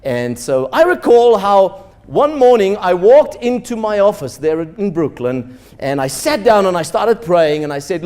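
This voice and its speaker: A man's voice: high voice, very animated, normal speed, hardly any pauses, a little mellow. A man, a pastor, telling a story in a sermon and acting out the dialogue with animation. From South Africa.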